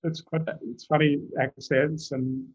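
A man with an Australian accent, a guest in an interview, telling stories in a relaxed, measured way. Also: fairly high pitch, dull audio. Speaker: guest, company CEO. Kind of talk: casual interview chat.

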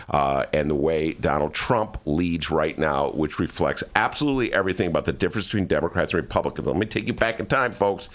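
A man hosting a casual talk radio show from a studio, rambling and joking about his week. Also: sits low. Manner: rambling, animated, jokey. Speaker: radio show host and columnist.

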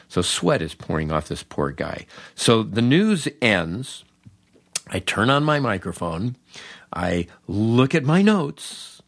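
An older man spins a funny story with wry, self-mocking asides. His voice sits on the low side yet moves in lively, animated swings. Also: slow, creaky, no echo. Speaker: podcast host. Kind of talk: comic storytelling.

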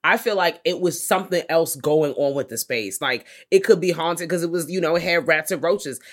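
A woman's voice: sits low, moderate pace. A woman co-hosting a podcast in casual chat, blunt and profane, often laughing.

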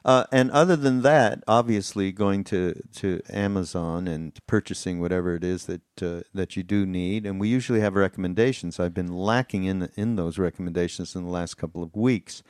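A man hosting a podcast, talking in a relaxed, rambling way with lots of "uh"s. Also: low voice, normal speed, hardly any pauses, clear, resonant tone, no room sound, clean studio sound. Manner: relaxed and rambling, with many fillers and restarts. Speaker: podcast host. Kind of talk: casual chat.

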